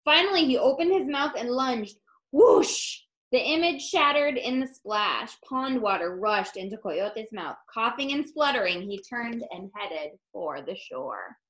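A woman teacher reading a picture book aloud with an expressive, storytelling manner. Her voice sits a little high. She explains things plainly for young listeners. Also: a little slow, hardly any pauses, poor audio.

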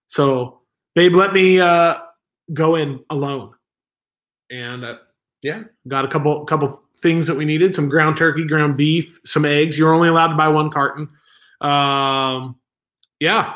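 A man's voice: a little high, fairly even intonation, a little slow, fairly bright tone. A man filling in as host of a live stream from home, rambling and joking at himself while reading the chat aloud. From Southern California. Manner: rambling, self-mocking, reads chat aloud. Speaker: livestream stand-in host.

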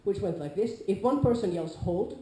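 A woman with a Nordic accent gives an informal lecture, lively and chatty, now and then acting out players with loud calls. Her voice is mellow and dark in tone. The room is hard and echoey around her. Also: medium pitch, normal speed. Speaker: lecturer on larp safety.

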